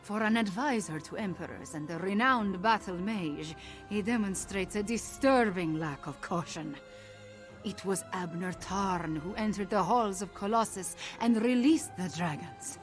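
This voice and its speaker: A woman's voice: medium pitch, a little slow, faint music behind, natural voice. An actress voicing a weary, bitter female feline diplomat and spy in a video game, speaking with a rolling, exotic accent. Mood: angry. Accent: exotic rolled-R accent. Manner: bitter, exasperated.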